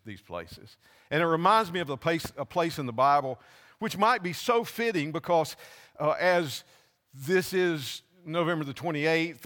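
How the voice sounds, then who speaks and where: A man preaching a sermon, telling a scripture story with halting restarts and acting out the voices. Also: mid-range voice, a bit bright, long reverb tail. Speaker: pastor. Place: church.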